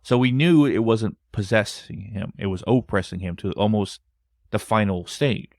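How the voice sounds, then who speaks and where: A man with a somewhat low voice co-hosts a podcast, retelling a story casually. He acts out the quoted dialogue with lively energy, recorded dry and close. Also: normal speed, dry recording. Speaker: podcast co-host.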